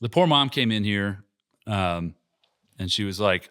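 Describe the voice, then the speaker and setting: A man's voice: fairly low pitch, measured pace, pauses often, clean tone, no room sound, clean studio sound. A man who owns an airsoft park, hosting a casual podcast and telling stories with lots of swearing. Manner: animated storyteller, heavy swearing, acts out quotes.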